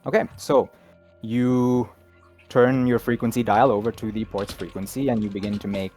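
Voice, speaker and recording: A man's voice: mid-range voice, fairly even intonation, moderate pace, a little mellow, breathy edge, faint music behind. A man narrating as game master of a tabletop horror game, in a descriptive style. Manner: descriptive, laughs easily.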